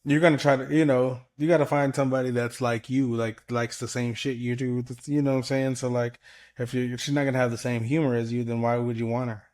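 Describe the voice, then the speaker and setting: A man's voice: mid-range voice, level tone, fast, a little mellow. A man in casual podcast conversation with an everyday mid-range voice. He rambles loosely, swears freely and leans on fillers as he thinks aloud. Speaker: podcast co-host. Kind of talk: casual chat.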